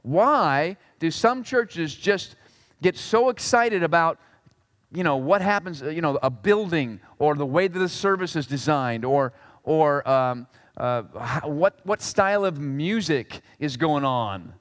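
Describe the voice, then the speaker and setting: A man preaches a sermon with a fairly high voice, jumping from loud exclamations to hushed asides. He is animated and drops jokes along the way. His voice carries the long reverb of a church hall. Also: slow pace. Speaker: pastor.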